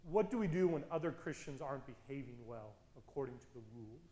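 A man preaching a sermon as pastor, casual and energetic, with quick laughs and chatty asides. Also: medium pitch, reverberant, slight background noise, poor audio.

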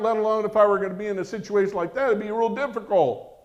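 A man preaching a sermon as pastor, animated and acting out quoted voices. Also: high-pitched, quick pace.

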